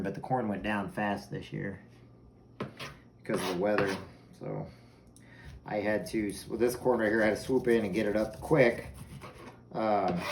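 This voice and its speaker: Rambling man chatting while cooking, echoey. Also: fairly low pitch. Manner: rambling, chatty, self-amused. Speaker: home cooking vlogger. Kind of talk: casual chat while cooking. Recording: echoey room with background noise.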